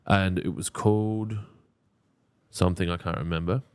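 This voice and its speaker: A man's voice: low-pitched, steady tone, normal speed, smooth. A man, co-hosting a podcast in blunt, joking, casual chat. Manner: blunt, joking, swears freely. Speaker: podcast co-host.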